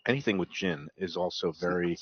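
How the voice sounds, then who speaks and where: A man's voice: low voice, a little fast, husky, dry recording, highs cut off. A male TV host chatting enthusiastically about food and drinks, joking about himself. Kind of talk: casual food chat on a TV segment.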